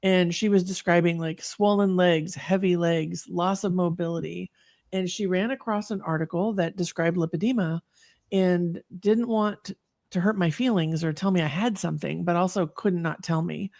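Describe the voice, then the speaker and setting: A woman's voice: on the low side, steady tone, normal speed, creaky, darkish tone, no room sound, studio quality. A woman in her fifties, a guest telling her personal story in an earnest, reflective way, with many fillers and restarts. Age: 50s. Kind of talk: personal story in an online talk.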